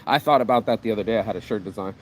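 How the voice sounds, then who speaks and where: A man hosting his own vlog, giving a casual motivational rant in an animated, profane, rambling way, speaking outdoors on a city street. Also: lowish voice. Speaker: vlog host. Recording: outdoor street with passing traffic.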